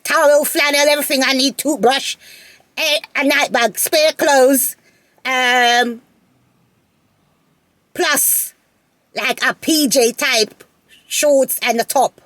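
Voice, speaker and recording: A woman telling a personal story to her viewers in a casual, animated way, often repeating phrases and laughing. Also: sits high, takes it slowly, pauses often, no room sound. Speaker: vlogger.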